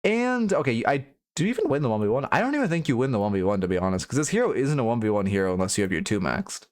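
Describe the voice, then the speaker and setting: A man's voice: mid-range voice, very animated, racing. A young man giving casual live-stream coaching commentary on a video game, frank and blunt, swearing now and then and restarting his sentences.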